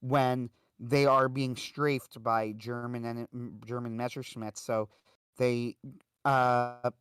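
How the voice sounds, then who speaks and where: A man's voice: mid-range voice, level tone, slow pace, fairly bright tone, clean tone, no room sound, clean studio sound. A man hosting a livestream, telling a story in a casual, rambling way with lots of fillers. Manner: rambling, full of "uh" and "like". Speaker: livestream host.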